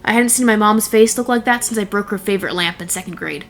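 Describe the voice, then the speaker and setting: A woman's voice: mid-range voice, fast, fairly bright tone. A young woman narrating a first-person horror story in a wry, blunt, casually profane way.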